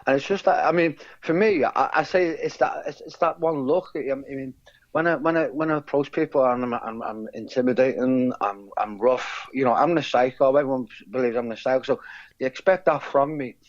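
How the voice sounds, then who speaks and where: A man rambles on, stumbling over repeated words and restarting his sentences. The sound is dull and lo-fi. His pitch sits in an ordinary middle range. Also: fairly quick. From England. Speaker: guest, character lookalike. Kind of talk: casual interview chat.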